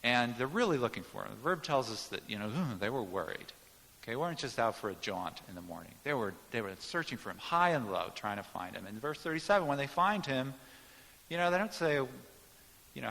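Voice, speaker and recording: A man's voice: medium pitch, lively intonation, moderate pace, gravelly, sharp tone, in a large hall. A man preaching a sermon, teaching in an emphatic way and explaining Greek words to the congregation. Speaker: pastor.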